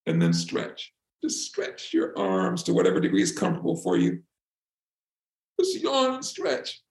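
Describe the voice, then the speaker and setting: A man teaching a spiritual practice and guiding listeners through yawns, stretches and breathing, earnest and slowing down to stress words. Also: medium pitch, vocal fry. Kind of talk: teaching talk and guided relaxation. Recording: roomy echo.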